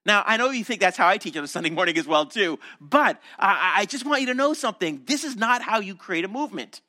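A man's voice: high voice, lively intonation, fast talker, pushed and bright. A man preaching a sermon as a pastor, telling the story animatedly and acting out the voices of crowds and disciples.

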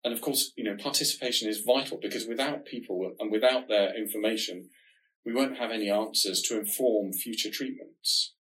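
A man with a nasal voice, co-hosting a podcast and explaining research in a measured, reassuring way. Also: on the low side, a bit bright, low-quality recording. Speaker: diabetes research podcast co-host.

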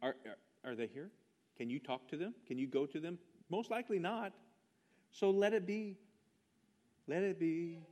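A man delivers a sermon in a high, light voice. He preaches with emphatic fervor, stressing each point. He pushes rhetorical questions at the congregation. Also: moderate pace, long pauses, a little mellow. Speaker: pastor.

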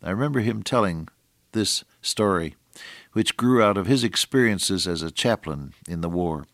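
An older man preaching a sermon, moving between hushed storytelling and raised, emphatic exhortation with slow, deliberate phrasing. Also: low voice, lively intonation, no echo, studio quality.

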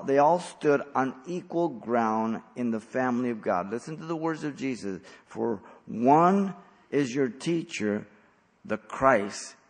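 A man preaching an expository sermon as pastor, blunt and emphatic, with sudden loud stresses. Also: medium pitch, big-room sound.

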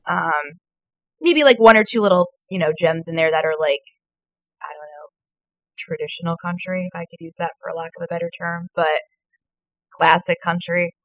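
A woman's voice: fairly low pitch, normal speed, no room sound, low-quality recording. A woman co-hosting a fan podcast in casual, upbeat chat full of "like" and "I don't know.". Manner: chatty, upbeat, heavy use of "like". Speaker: podcast co-host.

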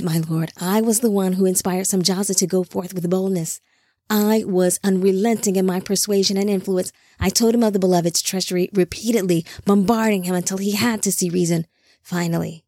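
A woman's voice: mid-range voice, steady tone, moderate pace, mellow, no room sound, studio quality, close to an everyday voice. A woman reading the part of a nervous male warrior angel who stammers before his lord. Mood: anxious. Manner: stammering, anxious.

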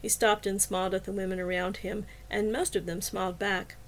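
A woman narrating a first-person novel as an audiobook in a clear, even storytelling manner. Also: mid-range voice, a little fast, few pauses.

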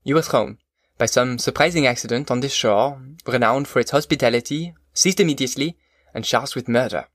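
A man voicing a kindly but stern middle-aged magistrate in an audiobook, formal and measured. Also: mid-range voice, a bit bright, no room sound, clean studio sound, close to an everyday voice. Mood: consoling. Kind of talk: audiobook character voice.

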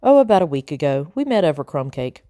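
A woman's voice: sits low, big pitch swings, fast talker, mellow, dry recording, clean studio sound. A woman voicing a polite, earnest male mouse in a storybook.

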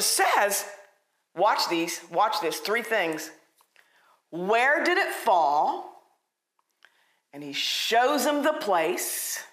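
A woman preaching a conversational sermon, emphatic and animated, often repeating her points. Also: mid-range voice, reverberant. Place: church.

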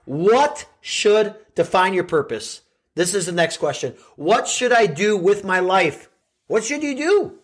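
A man's voice: high voice, expressive, measured pace, breathy edge. A middle-aged man hosting a podcast, giving an earnest motivational talk full of rhetorical questions to his listeners. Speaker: podcast host and coach.

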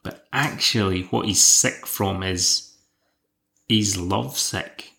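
A man's voice: low-pitched, takes it slowly, gravelly, pushed and bright. A man hosting a podcast, recapping an episode in a dry, wry, casual way. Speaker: podcast host.

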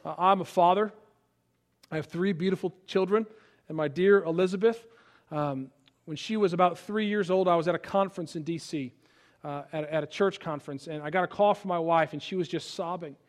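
A pastor in his thirties delivers a sermon in a notably high voice. He moves between soft, hushed storytelling and loud, impassioned peaks. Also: a little fast. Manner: dynamic preaching, quiet and hushed in stories, rising to loud peaks.

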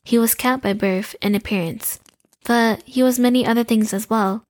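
A woman voicing a young female shapeshifter in an audio drama, speaking in a calm, courteous and measured way. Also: fairly high pitch, no room sound, close to an everyday voice.

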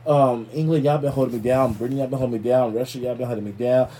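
Male podcast host, warm dark tone, loose and profane casual banter. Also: medium pitch, steady tone, quick pace, slightly rough. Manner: loose, profane, playful shout-outs. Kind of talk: casual chat.

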